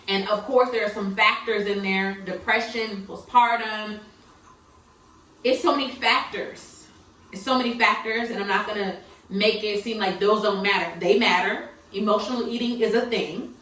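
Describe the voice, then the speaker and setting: A woman's voice: mid-range voice, a bit bright, a little hiss or hum. A tearful young woman talking candidly and emphatically in a confessional vlog, laughing through her tears. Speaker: vlogger. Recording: roomy sound from some distance, faint background ambience.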